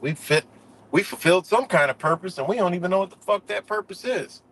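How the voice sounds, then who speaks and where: A man's voice: sits high, lively intonation, brisk, a bit bright, slight background noise, poor audio. A man hosting a live stream, ranting heatedly and profanely, with a lot of "you know" between points. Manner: says "you know" often. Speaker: livestream host. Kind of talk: casual live-stream commentary rant.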